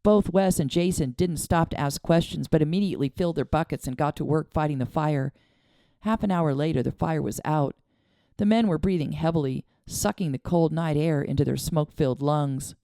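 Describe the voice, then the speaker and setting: A woman narrates a novel in a low, dark, gravelly voice that moves freely in pitch. Her reading is expressive and dramatic, recorded close and dry. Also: fairly quick, dry recording. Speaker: audiobook narrator. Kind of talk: scripted narration.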